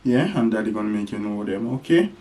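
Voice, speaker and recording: A man's voice: fairly low pitch, expressive, brisk, a little mellow. A man talking playfully to his baby in a home vlog, making animal sounds. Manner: sing-song talk to a toddler with animal sounds. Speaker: father teaching his baby.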